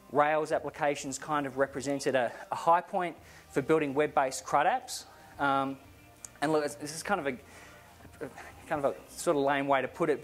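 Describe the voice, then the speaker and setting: A middle-aged Australian man speaks from a conference stage in a slightly high voice. His talk is casual and self-deprecating, dotted with ums and you-knows. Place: conference hall.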